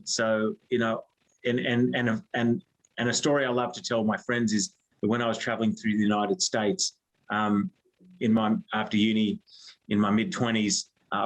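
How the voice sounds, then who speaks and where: A man's voice: fairly low pitch, low-quality recording. An Australian man, a guest on an interview show, chatting casually and thinking aloud with many fillers and restarts. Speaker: HR firm director, guest.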